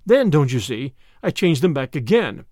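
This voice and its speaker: A man reading a small, unassuming priest in an audiobook, soft-spoken, vague and apologetic. His lines are quieter than the narration, with a lively rise and fall. The sound is close and dry. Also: mid-range voice, normal speed, no room sound. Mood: mild. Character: small timid-seeming mild male priest. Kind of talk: audiobook reading of a classic story.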